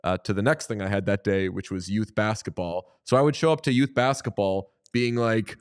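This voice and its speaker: A man's voice: lowish voice, brisk, clean tone. A man co-hosting a podcast, chatting casually and jokingly, including a playful ad read. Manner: playful, jokey, animated ad reading. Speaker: podcast co-host.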